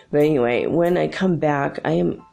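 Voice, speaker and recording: Speaking in a low, creaky voice with a dark tone, a middle-aged host rambles through a story for her audience. Her delivery is casual and exasperated, heavy on filler words.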